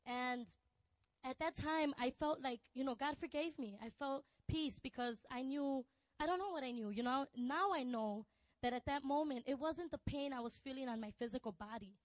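A woman telling a personal testimony, soft and hesitant with many fillers, turning intense. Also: high-pitched, normal speed, no echo, low-quality recording. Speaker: testimony speaker.

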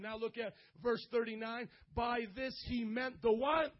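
Man, youth pastor, sermon, emphatic, call-and-response, very high voice, muffled lo-fi sound. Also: flat delivery, moderate pace, few pauses. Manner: emphatic preacher, calls on the audience to respond; swings between loud exhortation and hushed, intimate delivery. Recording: dull lo-fi audio.

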